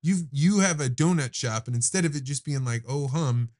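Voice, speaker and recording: A man with an average pitch hosts a podcast in easy conversation. He reasons out loud and acts out the voices of other people to make his points. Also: moderate pace. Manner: thoughtful, builds arguments with acted-out quotes. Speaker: podcast host. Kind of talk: casual conversation.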